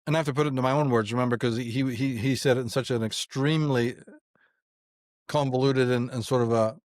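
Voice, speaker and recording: A man's voice: medium pitch, fairly even intonation, fast, dry recording, studio quality. A middle-aged man, talking philosophy in an emphatic, profane way, full of rhetorical questions. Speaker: interviewee. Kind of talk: philosophical conversation.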